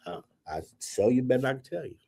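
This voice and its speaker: A podcast host tells a story in casual talk-show chat, animated and swearing freely as he acts out the dialogue. His mid-range voice is fast, slightly rough, and has vocal fry.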